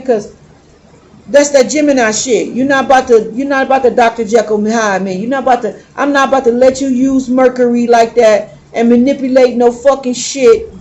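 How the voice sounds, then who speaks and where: A woman's voice: on the high side, darkish tone, a little hiss or hum. A woman tarot reader talking bluntly and emphatically in a casual, heavily profane monologue.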